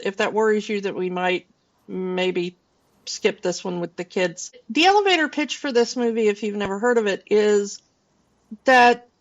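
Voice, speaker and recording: A woman's voice: mid-range voice, highs cut off. A woman in her forties, co-hosting a casual film podcast and rambling loosely with plenty of fillers and restarts. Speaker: podcast co-host.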